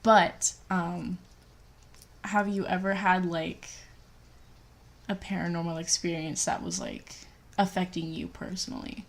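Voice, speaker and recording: A woman with a lowish voice that drops into heavy vocal fry. She co-hosts a podcast in relaxed chat and fills her sentences with "like". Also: a little slow, pauses often. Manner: filler-heavy, says "like" constantly. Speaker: podcast co-host. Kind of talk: casual chat.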